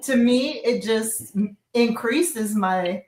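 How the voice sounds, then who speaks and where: A woman's voice: a little high, slow pace, a little mellow. A woman from Memphis, chatting on a panel in an earnest, enthusiastic way with small restarts. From Memphis, Tennessee. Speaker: regular panelist. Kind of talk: casual chat.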